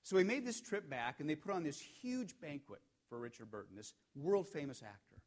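A man preaching a sermon, telling a story and building to emphatic peaks before dropping to hushed, quiet lines. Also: on the high side, sing-song, normal speed. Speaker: pastor.

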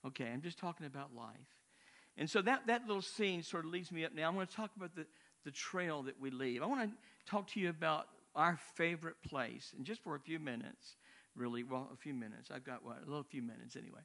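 Older male missionary preacher, slightly raised pitch, conversational storytelling sermon. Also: animated, brisk, gravelly, bright, forceful tone. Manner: conversational, rambling with asides.

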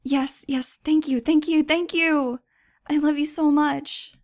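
A woman's voice: on the high side, normal speed, a little mellow, lightly acted. A woman voicing an eager, pleading eleven-year-old girl in an audiobook. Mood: overjoyed.

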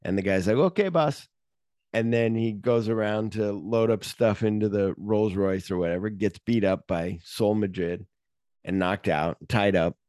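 Man, podcast host, animated movie retelling, lowish voice, dry close sound. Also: normal speed, clean tone, dry recording. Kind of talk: casual movie discussion.

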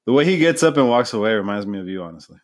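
Talking at a racing speed in a lowish voice, this podcast host keeps things casual. He animatedly retells scenes and performs the quotes himself.

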